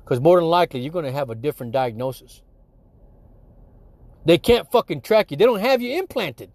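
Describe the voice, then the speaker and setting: A man's voice: on the high side, animated, brisk, pauses often, a little mellow, no echo. A middle-aged man, a former radiology technician, talking in a profane, heated, rambling monologue full of restarts.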